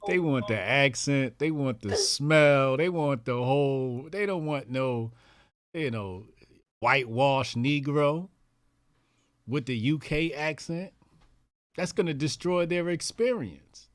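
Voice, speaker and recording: A man's voice: medium pitch, takes it slowly, dry recording. Chill podcast guy, stretches words for emphasis, dead dry sound. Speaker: podcast co-host. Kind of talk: casual chat.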